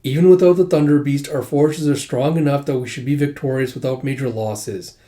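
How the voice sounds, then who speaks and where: A man reading as a calm older commander. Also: mid-range voice, a little fast, close to an everyday voice.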